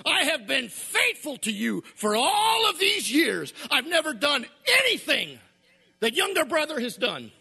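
A man's voice: high voice, expressive, measured pace, long pauses, full character voice. A man voicing a resentful grown elder son who sulks and complains. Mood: indignant. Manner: sulky, then indignant shouting.

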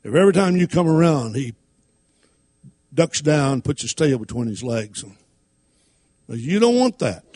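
A man preaching with a voice that sits a little high for a man. He reads scripture in King James wording and moves into folksy stories, swinging his pitch up and down as he teaches. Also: very animated, a little slow, pauses often, a little mellow. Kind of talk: sermon.

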